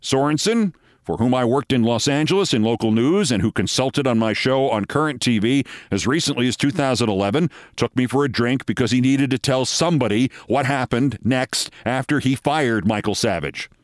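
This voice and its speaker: A man's voice: medium pitch, normal speed, no echo, clean studio sound. A middle-aged man hosting a news commentary show, delivering a scripted monologue in an emphatic, sardonic way. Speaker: host.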